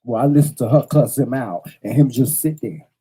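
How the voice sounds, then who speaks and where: Dark, husky-voiced man telling a story. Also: medium pitch, normal speed, poor audio. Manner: animated, profane storytelling with repeated lines. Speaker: morning show host. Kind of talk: storytelling on a talk show.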